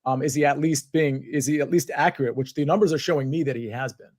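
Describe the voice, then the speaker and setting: A man's voice: fairly high pitch, steady tone, quick pace. A man co-hosting a golf betting podcast, easygoing and wry, tossing questions to his partner. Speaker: podcast co-host. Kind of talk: casual golf betting chat.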